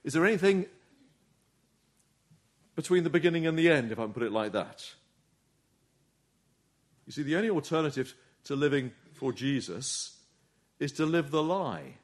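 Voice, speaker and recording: A man's voice: fairly high pitch, animated, moderate pace, long pauses. A man preaching a sermon, earnest and urging, often putting rhetorical questions to his listeners.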